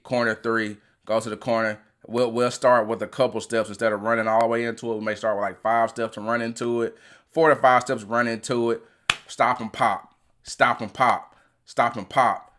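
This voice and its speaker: A man, an athletic trainer and podcast host, giving an animated motivational talk and often restarting his phrases. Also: medium pitch.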